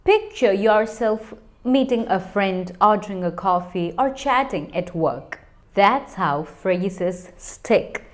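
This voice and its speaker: A woman's voice: mid-range voice, lively intonation, slow pace. Woman, English teacher, encouraging, talks straight to the learners, casual. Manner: encouraging, direct, addressing learners.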